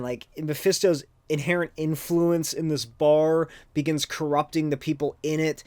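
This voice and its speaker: A man's voice: on the high side, no room sound. A man hosting a podcast, recapping a comic in a rambling, casual way with lots of swearing and filler words. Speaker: podcast host.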